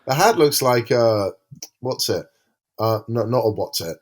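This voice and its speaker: A man's voice: medium pitch, lively intonation, unhurried. A man co-hosting a podcast in casual chat, rambling and hesitant as he describes things. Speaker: podcast co-host.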